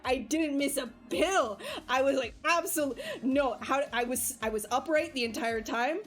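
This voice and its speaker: A woman livestreaming, telling a personal story in casual chat, animated and laughing often, with many fillers. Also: sits high, normal speed, faint music behind. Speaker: livestream artist. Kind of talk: casual chat while streaming.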